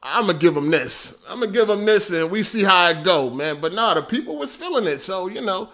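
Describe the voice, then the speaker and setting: A man hosting a casual livestream, animated and slangy, laughing often and swearing freely. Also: high-pitched, fairly quick. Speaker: livestream host.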